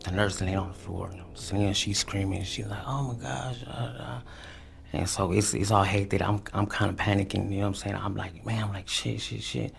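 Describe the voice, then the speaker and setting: A man with a low voice and a gravelly, creaky texture. He speaks haltingly in a police interview, with many restarts and fillers. When he quotes others his voice goes loud and high. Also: flat delivery, a little hiss or hum. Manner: acts out quotes loudly, high and tense. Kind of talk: recorded police interview testimony.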